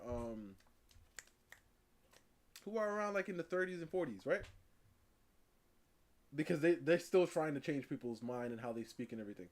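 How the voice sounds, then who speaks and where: Streamer, male, fairly high voice that bounces all over, laughs and repeats himself as he chats to his viewers. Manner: animated, laughing, repeats words for emphasis. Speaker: live-stream host. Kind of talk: casual chat reacting to a video.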